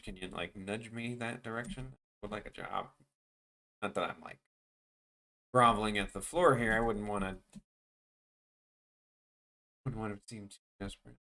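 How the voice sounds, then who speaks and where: A man's voice: fairly low pitch, sharp tone. A man chatting casually with viewers on his animation live stream, rambling and joking, often trailing off mid-sentence.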